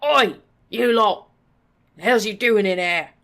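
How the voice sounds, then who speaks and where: A reader doing a coarse goblin butcher, bellowing and suspicious. The voice jumps loud and high as he barks at strangers in a storybook reading. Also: steady tone, moderate pace, lightly acted. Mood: hostile. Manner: yelling, accusing. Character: rough hostile male goblin butcher.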